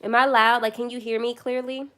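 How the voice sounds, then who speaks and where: A woman's voice: a little high, level tone, a little fast, sharp tone. A young woman chatting casually on her first phone livestream, tired late at night, rambling and self-deprecating.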